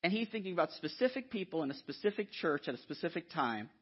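A man preaching a sermon in an animated, conversational way, often checking in with the listeners. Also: fairly high pitch, fast talker, breathy edge. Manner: animated, conversational, frequent "right?" asides. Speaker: guest preacher. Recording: dull lo-fi sound.

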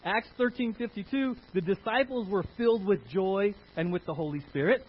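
A man's voice: high-pitched, moderate pace, breathy edge, muffled recording. A man preaching a sermon, leading the congregation with call-and-response questions. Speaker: pastor.

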